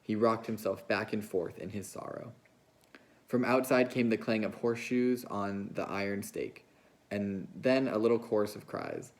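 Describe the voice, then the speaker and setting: A man reading a novel aloud to his class with a low voice. His tone is gravelly and fry-laden, and he tells the story at a steady, measured pace. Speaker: teacher.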